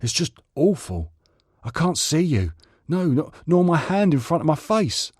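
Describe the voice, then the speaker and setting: A worried working chauffeur, loud and fretful, respectful to his lord, his voice pitched up from the narrator's own, as a man acts him out. The read is dry and close-miked. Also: sing-song, a little slow, slightly rough, dry recording, exaggerated voice. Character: anxious male chauffeur, worried, deferential.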